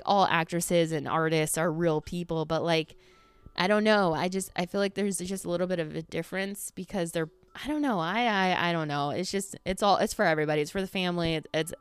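A woman's voice: fairly low pitch, clear, resonant tone, dry recording. A woman hosting a casual solo podcast from home, rambling with lots of fillers and casual swearing. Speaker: podcast host.

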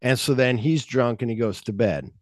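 A man's voice: mid-range voice, expressive, normal speed, no room sound. Man, podcast host, casual storytelling, acts out quotes, swears freely, dry close sound. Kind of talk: casual chat retelling a film script.

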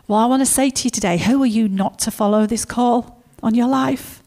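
A woman preaching a sermon, telling stories in a lively way and acting out the characters. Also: fairly high pitch, fairly quick.

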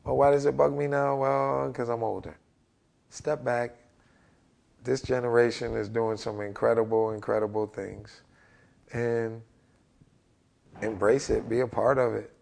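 A man's voice: a little slow, vocal fry, pauses often. A man in his forties, a basketball head coach, telling stories in an interview and acting out what people say with big jumps in his voice. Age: 40s. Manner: animated, acts out quotes with big pitch jumps. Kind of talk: energetic interview storytelling.

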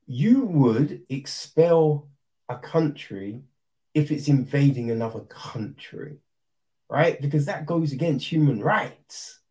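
Man, casual rant, lively swooping pitch, slow deliberate delivery, swears freely. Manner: exasperated, swearing, rhetorical asides. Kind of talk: casual ranting commentary.

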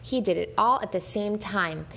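A woman reading a children's story aloud, gentle and expressive, lifting her voice at the lively moments. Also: medium pitch, normal speed, creaky, slight background noise.

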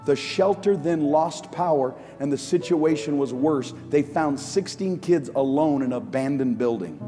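Pastor preaching, kinda high voice, big reverby church hall, music going underneath. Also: male voice, normal speed. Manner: impassioned preaching, rising to near shouts then dropping low. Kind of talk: sermon. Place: large church auditorium. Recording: live church sound with long hall reverb.

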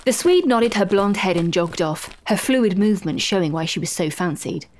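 Female narrator, wry and expressive, lively intonation. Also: medium pitch, normal speed, a little hiss or hum. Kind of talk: storybook narration.

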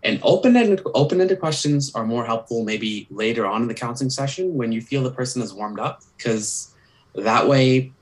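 A man's voice: medium pitch, expressive, normal speed, poor audio. A young man, a counselor, earnestly explaining communication tips with examples on a podcast, with many "sort of" and "kind of" asides.

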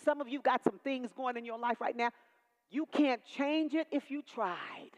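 A woman's voice: a little high, normal speed. A woman in her sixties from Texas, preaching a personal testimony with call-and-response emphasis. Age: 60s. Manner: call-and-response preaching, rising to emphatic peaks then dropping soft. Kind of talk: testimony sermon. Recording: long hall reverb.

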